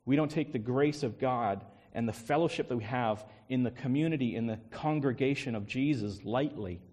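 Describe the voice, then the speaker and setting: A man's voice: mid-range voice, normal speed, darkish tone. A male pastor preaching a sermon with emphatic repetition and rhetorical questions. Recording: long hall reverb.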